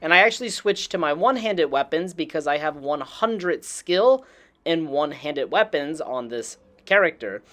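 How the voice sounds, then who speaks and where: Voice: mid-range voice, lively intonation, moderate pace, fairly bright tone. A host giving a casual, enthusiastic voice-over for a game walkthrough, with mild slang. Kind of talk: casual gameplay voice-over narration.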